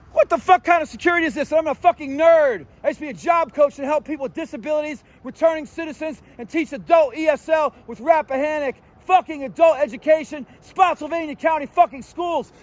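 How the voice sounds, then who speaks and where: Street vlogger, male, high-pitched, profane and confrontational, ranting to camera outdoors. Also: a little mellow. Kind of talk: angry street rant.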